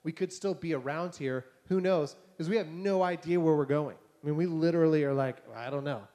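A man's voice: a little high, fairly quick. A male pastor preaching a casual, conversational sermon to a congregation and acting out conversations as he tells stories. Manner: conversational, animated, acts out dialogue. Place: church hall before a congregation.

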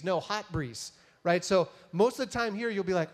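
A man's voice: high voice, brisk, hardly any pauses. A man giving a casual, joking sermon, retelling a story and often tagging his sentences with "right?".

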